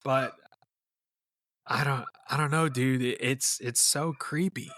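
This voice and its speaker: A man's voice: mid-range voice, fairly even intonation, slow pace, a bit bright, no room sound. A man co-hosting a podcast in casual, laid-back chat. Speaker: podcast co-host.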